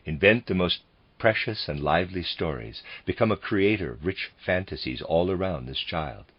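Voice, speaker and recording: Audiobook reader: a man with a very low, husky voice, measured, on a dull lo-fi recording. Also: lively intonation. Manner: measured, reads bracketed notes aloud. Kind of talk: reading lectures aloud.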